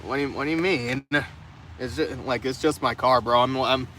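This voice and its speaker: Sitting in the open trunk of his car in the rain, a young man chats with his live stream viewers and responds to their comments. His mid-range voice moves at normal speed and sounds pushed and bright, while his talk is rambling, profane, and full of restarts. Light rain and cars going by can be heard behind him.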